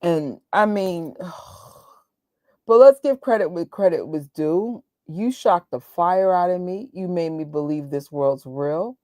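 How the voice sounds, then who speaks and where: A woman's voice: fairly low pitch, slow, dark tone, dry recording, studio quality. A woman hosting a live movie watch party, ranting emotionally in outbursts and joking with frequent laughs. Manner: emotional and exclaiming, rants in outbursts. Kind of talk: live movie reaction chat.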